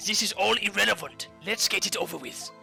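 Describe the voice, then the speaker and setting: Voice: mid-range voice, moderate pace, vocal fry, bright, forceful tone, faint music behind, exaggerated voice. A streamer voicing a stern, arrogant old male prosecutor who sounds curt and dismissive.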